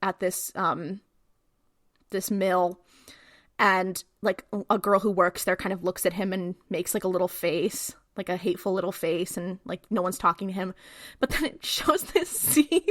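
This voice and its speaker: A woman co-hosting a podcast, recapping a TV episode in a casual, animated way and acting out the characters' lines. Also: lowish voice, measured pace, no room sound, studio quality. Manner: animated retelling, acts out quotes. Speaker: podcast co-host.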